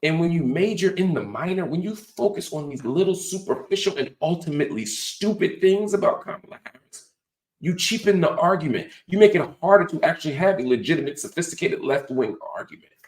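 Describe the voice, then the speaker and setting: This show host, a man with a slightly high, expressive voice, moves at a brisk clip through a lecturing political monologue. He leans on rhetorical questions, frequent "right?" tag questions, and profanity-laced colloquial speech, all in a roomy-sounding recording.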